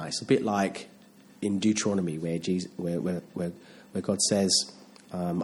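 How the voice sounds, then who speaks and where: A man's voice: low-pitched, steady tone, moderate pace, darkish tone. Male preacher, middle-aged, conversational sermon delivery, frequent rhetorical questions.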